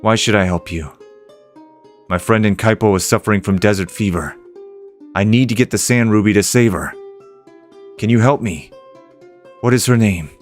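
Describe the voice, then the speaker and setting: A man reading as a soft-spoken young prince. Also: fairly low pitch, moderate pace, long pauses, faint music behind, close to an everyday voice. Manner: flat reading of game text aloud.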